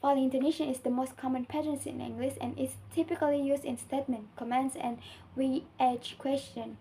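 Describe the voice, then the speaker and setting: Reading her coursework aloud, a young Indonesian woman is careful and earnest, stumbling slightly at times. Her high, warm voice holds a steady tone at a slightly fast pace, but the audio is poor, with some hiss or hum.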